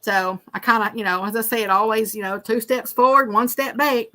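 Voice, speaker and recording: A woman's voice: a little high, fairly even intonation, moderate pace, pushed and bright. A woman hosting a fishing livestream, chatting casually and teasing while reading viewer comments aloud. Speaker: livestream host reading chat. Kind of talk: casual chat.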